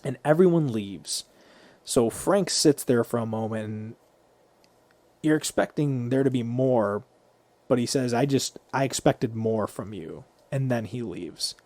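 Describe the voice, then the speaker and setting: A man's voice: medium pitch, a little slow, darkish tone, no room sound. A man co-hosting a podcast, casually retelling a movie scene by scene and swearing freely. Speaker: podcast co-host.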